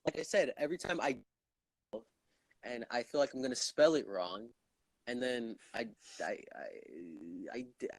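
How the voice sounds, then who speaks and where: A man hosting a podcast in loud, rambling, stuttery casual chat, swearing often. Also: mid-range voice, a little slow, dry recording. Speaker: podcast host.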